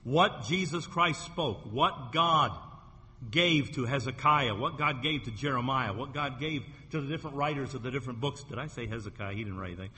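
A man preaching a sermon as pastor, emphatic and slowing down to stress key phrases, losing his voice and coughing at times. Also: medium pitch, sharp tone, big-room sound. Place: church sanctuary.

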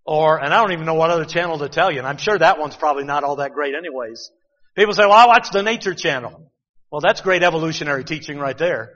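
Male preacher, chatty sermon delivery full of rhetorical questions, slightly high voice, muffled recording. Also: quick pace, fairly bright tone, in a large hall.

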